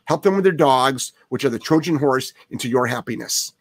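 A man with a medium-pitched, expressive voice talks a little fast, with no room sound, while hosting a casual live-stream Q&A as a dog trainer. He is blunt and emphatic, swearing freely and repeating phrases for effect.

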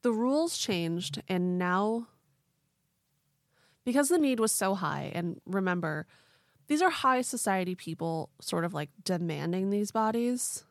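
A young woman co-hosts a true-crime podcast, narrating casually and leaning heavily on "like" and "quote unquote." Her medium-pitched voice is animated and unhurried, captured in clean studio quality with no echo.

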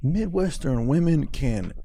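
A man's voice: on the high side, expressive, dark tone. A man co-hosting a podcast, teasing and joking in crude banter. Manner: quick joking, playful teasing. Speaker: podcast co-host.

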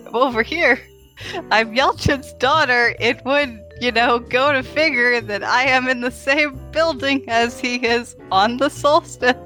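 A weary, dry-voiced young woman fed up with her father, as a woman puts her on. She speaks slowly and a little high, with faint music in the background. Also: sharp tone. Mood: matter-of-fact. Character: exasperated grown daughter, young woman.

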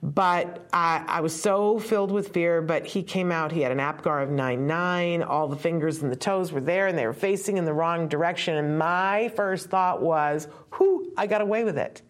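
A woman in her fifties tells her own story live to an audience, in a conversational way with asides and voices for other people. Her voice sits fairly low, and she sounds close to tears. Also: normal speed, few pauses. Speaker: author and parent speaker.

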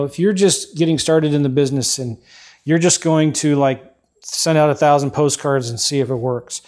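A man hosting a podcast, giving emphatic motivational advice and often checking in with a quick "right?". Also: fairly high pitch, darkish tone. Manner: emphatic, repeats key points, frequent "right?" tags. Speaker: podcast host.

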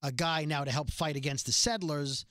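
Bright, dry-sounding man recapping a show. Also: on the high side, normal speed, dry recording. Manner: recounts scenes, reads lines out flatly, swears. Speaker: podcast co-host. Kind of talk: casual TV episode recap.

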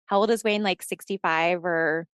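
A woman's voice: lowish voice, moderate pace, clean tone, dry recording, studio quality. A woman guest telling a personal story in casual conversation, acting out the dialogue, swearing and laughing as she goes. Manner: animated storyteller who acts out quoted dialogue. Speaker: podcast guest.

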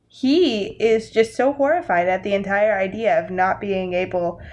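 A young woman in casual chat, telling a silly story in a mock-serious, deadpan way. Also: mid-range voice, moderate pace.

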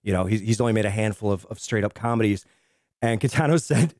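Man, podcast co-host, casual film talk, animated and profane, dry close mic. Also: lowish voice, fast talker, no room sound. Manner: animated, swearing, laughs while retelling scenes.

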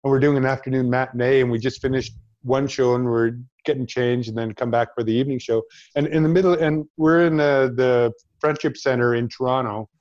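A man, an actor, telling a personal story in an interview, reflective and halting, with frequent restarts. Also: mid-range voice, fairly even intonation, a little mellow, lo-fi sound. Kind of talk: storytelling in conversation.

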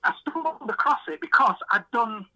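English bloke rambling through a fishing yarn, high-ish voice, really bright and edgy tone. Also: male voice, expressive, moderate pace, poor audio. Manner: chatty, self-deprecating, rambling anecdotes with quoted dialogue. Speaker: podcast guest, fishery owner. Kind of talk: casual storytelling.

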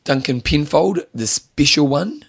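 A man's voice: a little high, expressive, unhurried, gravelly, slightly rough. A man co-hosting a casual podcast, joking as he reads out names. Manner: jokey, playful, reads out names. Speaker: podcast co-host. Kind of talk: casual chat.

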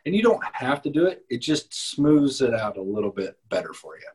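Husky-voiced man giving frank advice. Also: medium pitch, very animated, brisk, a little mellow, low-quality recording. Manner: emphatic, frank, mild profanity. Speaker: podcast host. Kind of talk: casual advice talk.

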